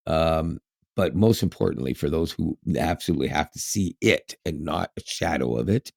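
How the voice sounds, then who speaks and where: A man's voice: very deep voice, animated, moderate pace, gravelly, darkish tone, dry recording, studio quality. A man co-hosting a podcast in casual chat, rambling with lots of fillers and frequent laughs. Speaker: podcast co-host.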